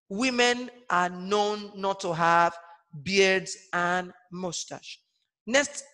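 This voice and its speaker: A man's voice: high voice, bright, forceful tone. A man teaching an online primary school lesson, repeating each point and asking his pupils questions. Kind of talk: online class lesson for children. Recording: long hall reverb.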